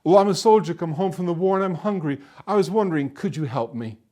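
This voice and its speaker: A storyteller voicing a hungry, crafty soldier home from the war, pleading at doors and then holding forth grandly to a crowd. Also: male voice, high-pitched, quick pace, warm tone, pitched above the performer's own voice, natural voice.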